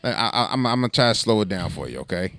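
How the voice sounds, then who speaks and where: A man's voice: fairly low pitch, sing-song, fast, fairly bright tone, no echo. A man co-hosting a podcast in casual banter, stammering and repeating words as he runs a mock-serious bit. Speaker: podcast co-host.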